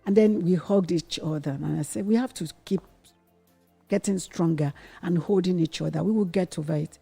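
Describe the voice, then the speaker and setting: Middle-aged woman from nigeria, lowish mellow voice, earnest storytelling, faint music under. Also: moderate pace, creaky, slightly rough. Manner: earnest, quotes her own past words with rising intensity. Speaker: interview guest, the host's mother. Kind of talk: candid personal storytelling.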